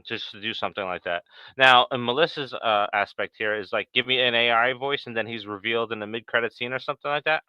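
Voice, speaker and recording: A man's voice: lowish voice, pushed and bright, smooth, no echo, lo-fi sound. A man co-hosting a casual fan podcast who talks steadily, reads out viewer comments and agrees readily. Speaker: podcast co-host.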